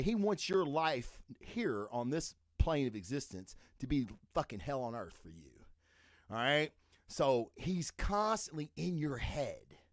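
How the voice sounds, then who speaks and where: A man's voice: medium pitch, no echo, clean studio sound. A man hosting a podcast who delivers a profane, emphatic motivational rant and keeps checking in with "okay?" after his points. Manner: asks "okay?" and "all right?" after points. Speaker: podcast host.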